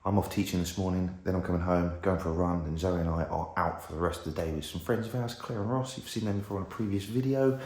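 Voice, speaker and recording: A man's voice: low-pitched, fast, few pauses, a little mellow, breathy edge. A man chatting casually to an action camera while out running, a little out of breath at times. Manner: chatty, talks straight to camera. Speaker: tech reviewer. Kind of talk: casual vlog chat. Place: outdoors on a run. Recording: outdoor noise and wind.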